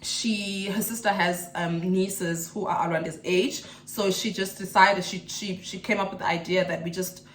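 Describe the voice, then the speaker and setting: A woman's voice: medium pitch, fairly even intonation, moderate pace, hardly any pauses, a bit bright, reverberant, slight background noise. A South African woman in her thirties, a mother vlogging in a chatty, emotional, rambling way. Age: 30s. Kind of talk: casual chat to camera.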